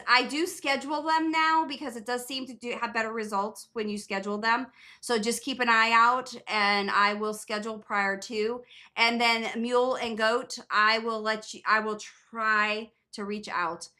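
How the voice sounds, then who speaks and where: A chatty woman hosts a casual livestream Q&A, rambling and restarting her sentences. Her voice is bright and forward. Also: on the high side. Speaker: nurse practitioner hosting a live Q&A.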